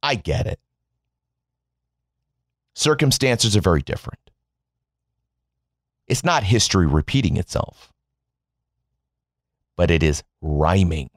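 A man delivers a biting political rant, swearing freely and mocking as he goes. His pitch swings widely from low grumbles to high jabs. The recording is dry and close, with no room sound. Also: expressive, slow pace, pauses often, dry recording. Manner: mocking, sarcastic, emphatic swings in tone. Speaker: commentator.

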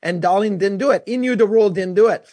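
A man co-hosting a sports talk show, a former goalie telling animated stories in casual chat. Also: sits high, quick pace, dry recording. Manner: storytelling, animated.

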